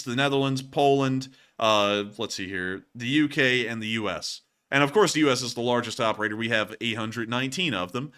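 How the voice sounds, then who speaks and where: A man hosts a livestream in a bright, forward voice. He rambles casually, padding his thoughts with fillers as he answers questions and thanks his viewers. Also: mid-range voice. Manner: rambling, chatty, frequent "uh" and "let's see here". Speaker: war news show host.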